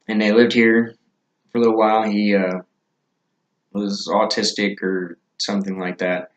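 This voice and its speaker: A man's voice: lowish voice, level tone, moderate pace, echoey room, muffled recording. A man telling stories in a casual, rambling way with many fillers. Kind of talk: casual storytelling.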